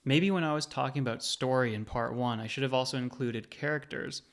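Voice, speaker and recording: Man in his thirties, mid-pitched, hosting a gaming video essay with easy, wry narration. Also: fairly quick.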